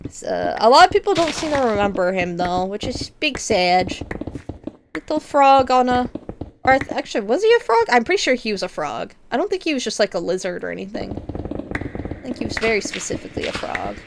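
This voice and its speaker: A woman's voice: fairly high pitch, big pitch swings, brisk. A woman streamer chatting casually while playing a block-building game, rambling with lots of fillers and frequent giggles. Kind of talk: casual gaming stream chat. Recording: audible background noise.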